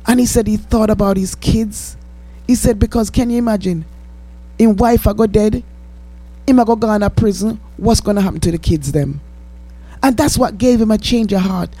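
A woman's voice: medium pitch, moderate pace, warm tone, no echo. Fervent Jamaican woman preaching on radio. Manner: fervent, pleading, slips into patois. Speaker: radio host and minister.

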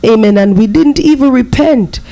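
High gravelly preacher man. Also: moderate pace, dark tone, low-quality recording. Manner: fervent preaching with frequent "amen" and "praise be to God". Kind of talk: sermon.

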